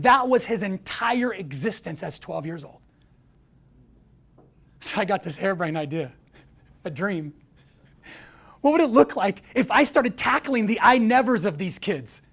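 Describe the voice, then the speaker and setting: A man telling a story to an audience, acting out the quoted voices with lively energy. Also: sits high, creaky. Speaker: speaker.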